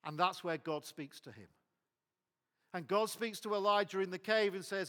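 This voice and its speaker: A man's voice: high voice, normal speed, pushed and bright, in a large hall. A man preaching a sermon as pastor, emphatic and repetitive.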